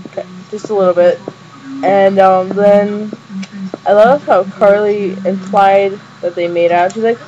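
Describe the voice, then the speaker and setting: A woman's voice: medium pitch, fairly even intonation, moderate pace, mellow. A young woman giving a casual, rambling fan review of a show episode, full of fillers and restarts. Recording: dull lo-fi webcam audio with faint noise.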